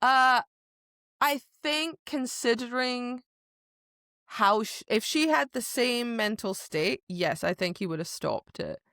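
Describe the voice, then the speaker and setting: A woman's voice: fairly high pitch, animated, takes it slowly, a bit bright, no echo, studio quality. A woman co-hosting a podcast, chatting about a book in a gushing, dramatic way. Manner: gushing, dramatic, quotes scenes in put-on voices. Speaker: podcast co-host. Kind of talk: casual book discussion.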